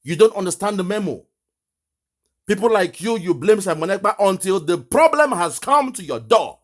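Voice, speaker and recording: A man's voice: sits high, animated, moderate pace. A man giving impassioned live commentary, emphatic and mocking, often laughing at the person he criticises. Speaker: online political commentator.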